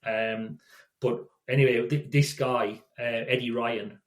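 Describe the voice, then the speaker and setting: In an echoey room, a man in his sixties who works as a safety consultant rambles through stories as an interview guest, often restarting and repeating words. He speaks slowly, his medium-pitched voice fairly even in intonation.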